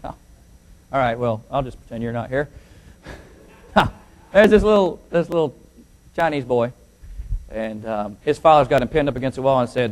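A man preaching to a church congregation, mixing joking asides with slow, loud scripture reading. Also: medium pitch. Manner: joking asides, then declaiming scripture slowly and loudly. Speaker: pastor. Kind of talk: sermon with jokes and scripture reading.

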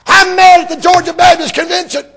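A man mimicking a fiery male preacher who shouts his anger from the pulpit in chanted repetition. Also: very high-pitched, level tone, a little fast, pitched above the performer's own voice. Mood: furious.

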